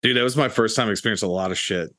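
A man's voice: fairly low pitch, racing, bright, forceful tone, no room sound. A man co-hosting a podcast, chatting bluntly and casually with a lot of swearing. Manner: blunt, profane, easygoing. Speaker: podcast co-host. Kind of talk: casual chat.

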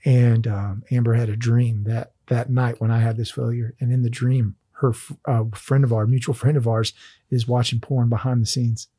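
A man's voice: mid-range voice, flat delivery, moderate pace, dark tone, breathy edge, no echo, clean studio sound. A man hosting a faith conversation, telling a personal testimony in an earnest, emotional way.

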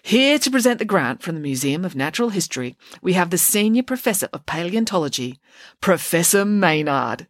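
A woman's voice: fairly low pitch, big pitch swings, fairly quick, dry recording, clean studio sound. A woman voicing a mild, put-upon male schoolteacher, announcing formally to a class.

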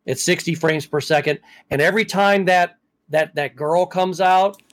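A man with a fairly high voice hosts a casual chat podcast. He tells stories in a chatty, easygoing way and often restarts his sentences. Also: normal speed, fairly bright tone. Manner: chatty storyteller with frequent restarts. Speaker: podcast host.

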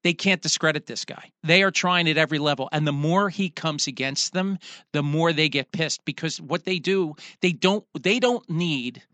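A man's voice: a little high, moderate pace, pushed and bright, no room sound. A man with a Philadelphia accent hosting a casual talk radio chat, emphatic and often restarting his sentences. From Pennsylvania. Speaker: radio host.

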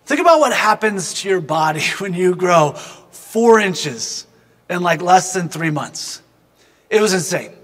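A man with a high-pitched voice tells a personal story as a devotional reflection. He is earnest and thoughtful and keeps turning to address the listener. His voice carries a long reverb tail. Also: lively intonation, a little slow, fairly bright tone. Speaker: speaker giving a devotional reflection.

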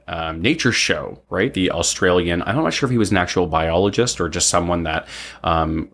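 Deep-voiced man telling a long story. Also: a bit bright. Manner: rambling, frequent "um" and tag "right?". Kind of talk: casual personal storytelling.

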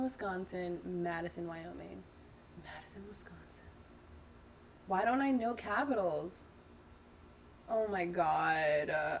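A woman playing along as a quiz contestant, laughing often and thinking her answers out loud. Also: medium pitch, slight background noise. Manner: giggly, thinks aloud, mutters to herself. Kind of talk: playful quiz game with a friend.

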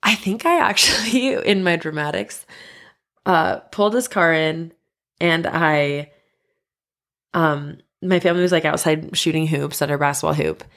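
A young woman hosting a podcast, telling a personal story in an animated way and acting out the lines of the people in it. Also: low voice, a little slow. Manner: animated, quoting others in dialogue, breaks into laughs. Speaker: podcast host.

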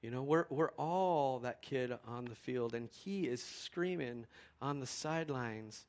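Unhurried and mid-range in pitch, the middle-aged pastor recounts a lively story from the pulpit. He swings from excited outbursts to quiet, heartfelt reflection.

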